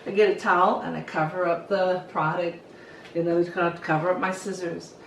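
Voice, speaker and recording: Animated middle-aged woman in an echoey room. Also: lowish voice, normal speed, slight background noise. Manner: lively, acts out what she told the kids. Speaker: hairstylist. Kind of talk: casual storytelling to camera. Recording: echoey room, voice from some distance.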